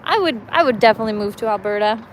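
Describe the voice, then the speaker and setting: A woman's voice: a little high, expressive, rapid-fire, rough recording. Young woman streaming from the lakeshore on her phone, chatty and giggly, bit of outdoor noise. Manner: chatty and giggly, reads viewer comments. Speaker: fishing livestreamer. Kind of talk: casual live-stream chat.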